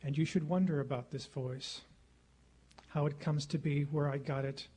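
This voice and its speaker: A middle-aged man giving a formal public lecture at a podium microphone in a lecture hall, speaking in a measured, rhetorical way and repeating phrases for effect. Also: a little high, steady tone, warm tone, breathy edge. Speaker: guest lecturer.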